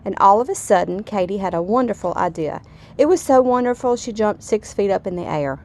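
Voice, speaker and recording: A woman reading a children's story aloud in a gentle, expressive storytelling manner. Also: medium pitch, a little fast.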